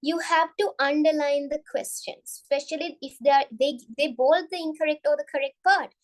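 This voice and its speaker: A woman's voice: high-pitched, fairly even intonation, a little fast, low-quality recording. A young woman giving a biology revision lesson, often repeating and restarting her phrases. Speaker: biology tutor.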